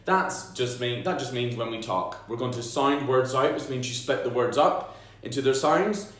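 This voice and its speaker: A primary school teacher explains phonics to parents playfully and with jokes, sounding out letters and noises aloud. His medium-pitched voice moves at a moderate pace in a very echoey room.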